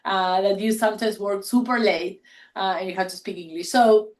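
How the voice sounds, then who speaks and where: Woman, native Spanish speaker, animated storyteller on a panel call, repeats and restarts words. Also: medium pitch, moderate pace, low-quality recording. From Spanish-speaking country. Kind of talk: casual panel talk.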